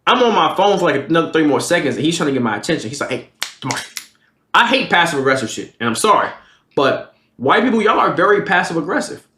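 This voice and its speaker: A young man in his twenties telling a casual, profane storytime, jumping into animated quoted lines. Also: on the high side, quick pace. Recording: roomy echo.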